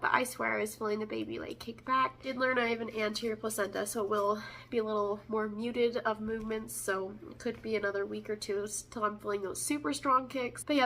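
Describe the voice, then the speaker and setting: A young woman with a stuffy, congested voice from a cold talks through a casual home update, breaking into small laughs between answers. Her voice sits a little high and sounds bright and clear. A faint hiss runs underneath. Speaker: vlogger.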